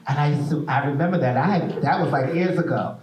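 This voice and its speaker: A man hosting a stage interview, playful and animated as he tells stories. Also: a little high, fast, distant mic. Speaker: host. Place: theater stage. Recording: echoey room, mic from afar.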